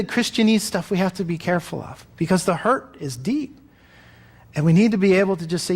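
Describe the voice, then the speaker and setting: Male pastor, slightly high pitch, chatty sermon delivery, slips into quoted voices. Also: quick pace. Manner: conversational preaching, acts out quoted voices.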